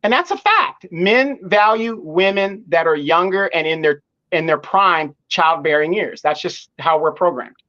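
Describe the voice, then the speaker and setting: A man with a notably high voice argues his point with conviction, often doubling back on his first words before he finds the sentence. His audio comes through muffled and lo-fi, like a remote call. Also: expressive, unhurried, bright, forceful tone. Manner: repeats words when starting a point, firm and opinionated. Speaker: guest commentator. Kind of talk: live online discussion.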